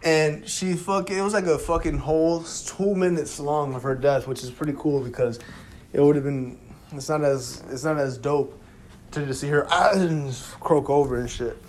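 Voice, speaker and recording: Animated, profane young man recapping. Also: a little high, normal speed, a little hiss or hum. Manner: animated, slangy, profane storytelling; fills gaps with "da, da, da". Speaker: TV recap vlogger. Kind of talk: casual episode recap.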